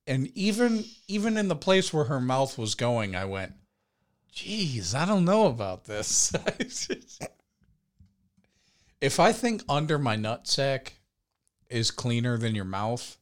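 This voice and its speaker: A young man casually telling a crude story on a podcast, laughing and shouting out the lines he quotes. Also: mid-range voice, sing-song, slow pace. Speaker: podcast co-host.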